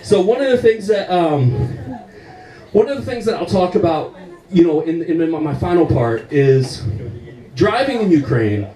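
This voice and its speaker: An American man in young adulthood doing a stand-up set, telling animated stories with lots of swearing and laughter. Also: high voice, normal speed, echoey room, distant mic, low-quality recording. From United States. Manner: animated storytelling, swears a lot, laughs often. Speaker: stand-up comedian.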